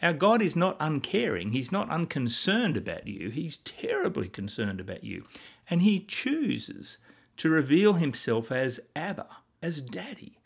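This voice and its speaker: A man's voice: fairly high pitch, very animated, unhurried, creaky, breathy edge. A man preaching a sermon as a pastor, emphatic and full of rhetorical questions, reading scripture aloud.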